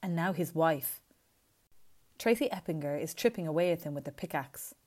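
Low-voiced woman narrating. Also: animated, normal speed, a little mellow. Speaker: audiobook reader. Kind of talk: scripted narration.

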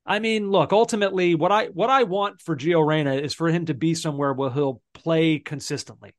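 A man with a somewhat high voice co-hosts a casual sports chat. His humor is dry and deadpan, and he teases his co-host. The sound is close and dry. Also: a little fast, no echo. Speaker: podcast co-host.

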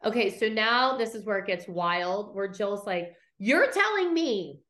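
A woman co-hosts a podcast, animatedly telling a story in a casual recap chat, acting out what others said and swearing now and then. She speaks at normal speed with a medium-pitched, slightly bright voice.

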